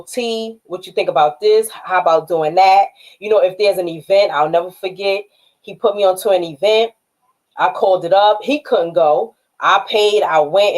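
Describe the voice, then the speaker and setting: A woman's voice: medium pitch, poor audio. Woman, New York accent, livestream host, casual and direct, streetwise talk, mid-range voice. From Harlem, New York. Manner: shouts out viewers by name, streetwise and direct.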